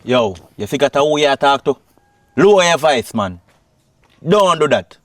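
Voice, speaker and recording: A man's voice: lowish voice, fairly quick, a little hiss or hum, lightly acted. A man with a Jamaican accent playing a cheating boyfriend in a film, sweet-talking one moment and bossy the next. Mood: scolding. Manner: Patois speech, swings from sweet-talk to scolding. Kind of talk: film drama acting.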